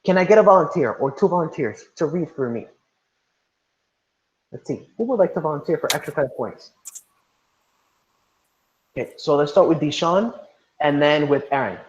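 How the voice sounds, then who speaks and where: A man's voice: on the high side, expressive, moderate pace, pauses often, slight background noise. A man teaching an online class, repeating instructions and calling on students by name over a video call. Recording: roomy, dull lo-fi sound.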